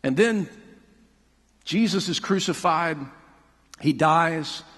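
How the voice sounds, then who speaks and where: Brief: male pastor, husky voice, mid-high pitch, long hall reverb. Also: takes it slowly. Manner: animated storytelling, hushed at the close. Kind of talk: sermon.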